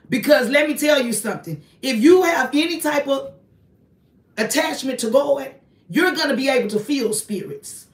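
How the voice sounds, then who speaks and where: A woman's voice: high voice, fairly bright tone, distant mic. A woman, talking to her viewers in a casual livestream from her apartment, emphatic and repetitive as she preaches. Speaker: online ministry host. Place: small home apartment, indoors. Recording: echoey room, voice off-mic.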